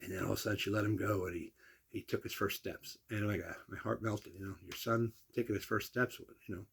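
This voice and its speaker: Gravelly older man telling family stories. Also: on the low side, quick pace. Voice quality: gravelly, husky voice. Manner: animated, salty storyteller who acts out the people he quotes. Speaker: storyteller. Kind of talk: casual personal storytelling.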